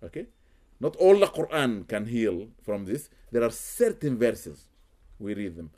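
This Muslim spiritual healer speaks in a low-leaning, slightly mellow voice, very animated but unhurried. Answering interview questions through storytelling, he works in Arabic religious phrases and repeats words for emphasis.

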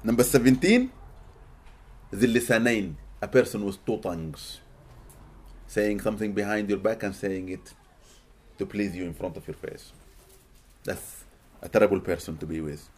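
A man from Sudan, giving an animated, expressive religious lecture to a live audience in a hall and often laughing. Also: lowish voice, moderate pace, long pauses, breathy edge. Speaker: Islamic teacher.

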